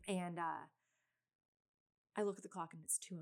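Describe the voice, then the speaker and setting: A woman's voice: lowish voice, steady tone, moderate pace, vocal fry, long pauses, darkish tone. A woman in her thirties hosting a podcast, telling a rambling, exasperated story in casual chat with lots of fillers. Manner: chatty, rambling, exasperated venting with many fillers. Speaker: podcast host.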